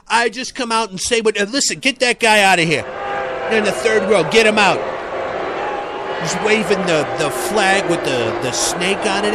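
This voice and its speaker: A man's voice: sits high, background noise. A man performing a satirical impression of a brash, rambling male politician at a rally. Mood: irritated. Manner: boastful, rambling, repetitive phrasing.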